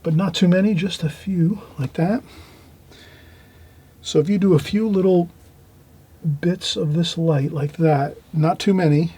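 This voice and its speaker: A man with a husky, mellow voice guides viewers through a watercolour painting. He talks gently and repeats his advice, often dropping into soft, murmured asides while he works the brush. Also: high voice, measured pace, long pauses. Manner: gentle, repetitive instructing, trailing off into quiet asides while painting. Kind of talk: painting demonstration.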